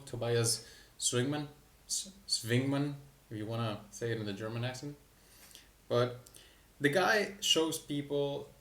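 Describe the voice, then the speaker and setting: A man talks candidly as a business coach, with self-deprecating asides. His voice sits at a middle pitch and carries an echoey room sound. The mic is a little far from him. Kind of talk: casual talking-head explanation.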